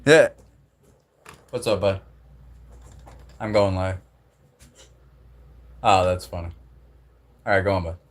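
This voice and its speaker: A man's voice: low-pitched, takes it slowly, long pauses. A young man from the Southern United States with a slight Southern drawl, rambling casually and profanely while hosting a livestream. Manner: rambling, profane, laid-back. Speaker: livestream host.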